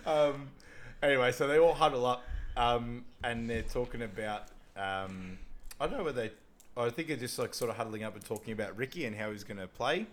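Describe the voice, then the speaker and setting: A man's voice: mid-range voice, fairly quick. A man co-hosting a podcast, casually recapping a movie, rambling and laughing often as he acts out lines. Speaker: podcast co-host. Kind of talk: casual film recap chat.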